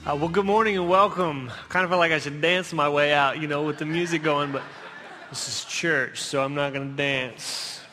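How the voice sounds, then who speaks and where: A man's voice: on the high side, normal speed, soft background music. A man giving a humorous, storytelling sermon, joking and pulling the congregation in with questions. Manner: animated, joking, pulls the audience in with questions. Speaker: preacher and professor. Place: church sanctuary. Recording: church hall reverb.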